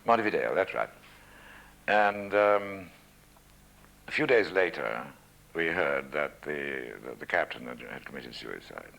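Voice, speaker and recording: An older man with a deep, gravelly voice reminisces in an interview at home about his time as a radio newsreader. Scottish-born but raised in England, he speaks in a measured, wry, self-deprecating way, expressive and with a fairly bright tone, though the audio quality is poor.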